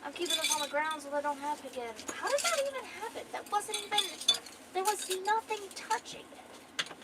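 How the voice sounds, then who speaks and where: A woman's voice: very high-pitched, a little fast, very noisy. A young woman streamer chatting casually and rambling with swearing while she draws. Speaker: art streamer. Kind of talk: casual chat.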